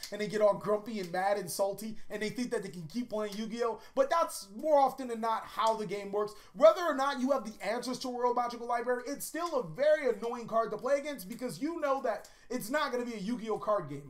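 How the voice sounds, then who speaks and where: A woman hosting a card-game countdown video, talking in a casual, profane way and telling rambling joke anecdotes. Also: on the high side. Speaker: YouTube card-game host. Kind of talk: casual comedic countdown commentary.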